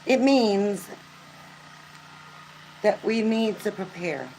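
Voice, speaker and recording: A woman's voice: medium pitch, expressive, very slow, a little mellow, slight background noise, low-quality recording. An older woman vlogging casually to camera, chatty and earnest, with frequent filler words. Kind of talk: casual vlog talk to camera.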